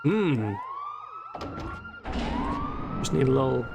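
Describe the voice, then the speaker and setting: A man's voice: medium pitch, very animated, extremely slow, background noise. A man chatting and joking while streaming a video game, reading its text aloud. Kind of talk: casual live-stream gameplay chat. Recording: game music and siren alarm behind.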